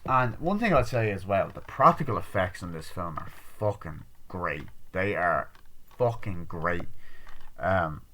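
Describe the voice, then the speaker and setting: A man's voice: low voice, expressive, measured pace, fairly bright tone, a little hiss or hum. A man giving a casual spoken movie review, rambling loosely and swearing often. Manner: rambling, heavy swearing, constant "you know" and "like".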